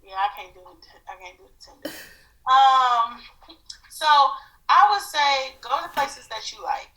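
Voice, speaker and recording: A woman co-hosts a casual podcast with a bright, fairly high voice. She gives advice in a halting, thoughtful way, pausing to find her words. The room around her rings with echo. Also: lively intonation. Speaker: podcast co-host. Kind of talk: casual chat. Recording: echoey room.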